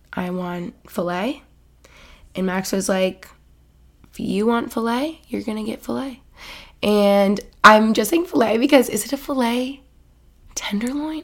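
A young woman hosting her own podcast, chatting casually and gushing, with lots of "like"s and asides dropping to a whisper. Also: mid-range voice. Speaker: podcast host. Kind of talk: casual solo chat.

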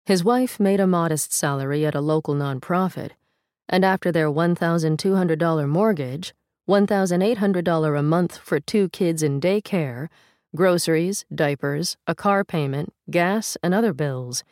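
Woman narrator with a low voice and dry, close sound; steady, measured delivery of a long-form article. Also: dry recording. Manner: measured, steady reading with a first-person reporter voice. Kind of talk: scripted narration.

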